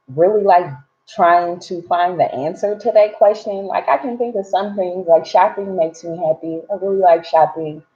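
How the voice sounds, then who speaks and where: A woman hosting a live gratitude session, chatting casually and rambling with lots of fillers. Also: sits low. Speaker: host of a live gratitude practice. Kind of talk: casual live-stream chat. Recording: dull lo-fi sound.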